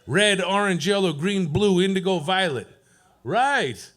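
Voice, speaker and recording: A man works an open mic stage with a profane, deadpan stand-up set, ribbing people in the crowd. His voice sits high for a man. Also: measured pace, soft background music. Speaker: stand-up comedian. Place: comedy club stage.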